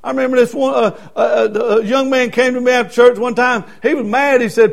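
A man's voice: very high-pitched, fairly even intonation, fast talker, creaky, few pauses. A middle-aged man preaching a Baptist sermon with emphatic repetition. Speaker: Baptist pastor.

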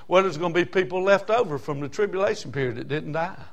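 Man, Southern accent, preacher, a bit high-pitched, rhythmic sermon, call-and-response amens, loud shouts and quiet asides. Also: quick pace, gravelly, few pauses. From South Carolina. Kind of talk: fiery sermon.

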